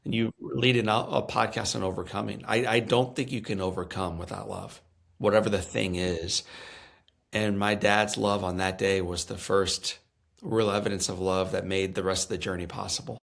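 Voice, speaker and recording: Gravelly earnest middle-aged man storyteller. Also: on the low side, steady tone, moderate pace, fairly bright tone. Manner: earnest, repeats words when emphatic. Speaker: podcast guest, speaker. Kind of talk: storytelling in an interview.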